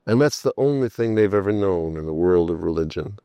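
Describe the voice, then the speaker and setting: Brief: male preacher with a very deep voice, sermon with repeated emphatic phrases. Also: animated, fairly quick, mellow, smooth, no room sound. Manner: storytelling, emphatic repetition.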